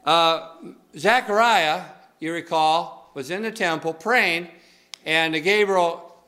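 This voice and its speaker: A man's voice: fairly high pitch, takes it slowly, pushed and bright. A male pastor preaching a sermon in a conversational, folksy way, with many filler uhs.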